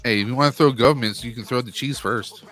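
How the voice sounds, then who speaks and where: Relaxed joking man hosting a livestream. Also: mid-range voice, fast talker, faint music behind. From Western New York, USA. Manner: relaxed, joking, with some stammered restarts. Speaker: stream host running charity prize wheels. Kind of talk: casual livestream chat.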